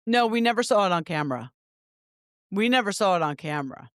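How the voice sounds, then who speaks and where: A woman's voice: mid-range voice, lively intonation, a little fast, no room sound. Co-host, woman, chatty and agreeable, dry close recording. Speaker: podcast co-host. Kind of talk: casual recap chat.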